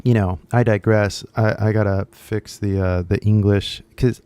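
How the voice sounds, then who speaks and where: American male YouTuber teacher, young, dark mellow tone, rambling casual delivery. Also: on the low side, steady tone, measured pace, smooth, dry recording. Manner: loose and chatty, fills with "like" and "right?". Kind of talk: casual rambling lesson to camera.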